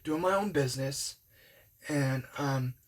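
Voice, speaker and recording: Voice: mid-range voice, slow. A young adult telling a personal story in a rambling, casual way, full of "um" and "like". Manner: rambling, filler-heavy, talks with hands-off candor.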